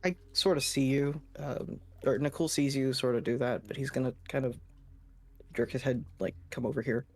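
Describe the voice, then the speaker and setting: A man playing a tabletop game, narrating his character's actions in a hesitant, gentle way. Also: medium pitch, fairly even intonation, moderate pace. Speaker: player. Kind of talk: casual tabletop play.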